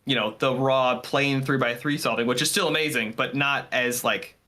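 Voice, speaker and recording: Bright-voiced earnest man. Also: medium pitch, normal speed. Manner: earnest, animated, thankful. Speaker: podcast guest, filmmaker. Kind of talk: casual chat.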